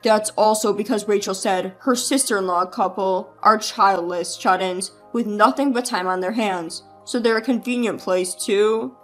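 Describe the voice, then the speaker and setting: A woman's voice: medium pitch, moderate pace, few pauses, faint music behind, voice pushed down, close to an everyday voice. A woman voicing a cowardly cheating man who whines and blames others. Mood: whiny. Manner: whiny, blaming.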